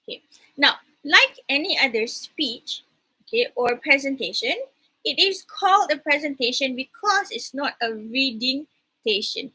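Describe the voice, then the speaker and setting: A woman's voice: high voice, lively intonation, measured pace, pushed and bright, poor audio. A woman with a Malaysian accent giving an online class lecture, slipping Malay words into her English and repeating the key rules firmly. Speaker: university lecturer.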